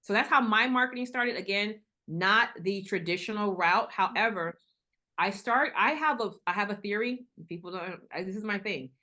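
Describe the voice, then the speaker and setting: A middle-aged woman talks through her story in a relaxed interview, her pitch sitting in an ordinary middle range. She gets animated as she goes and slips into the voices of the people she quotes. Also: moderate pace. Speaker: guest. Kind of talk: casual interview conversation.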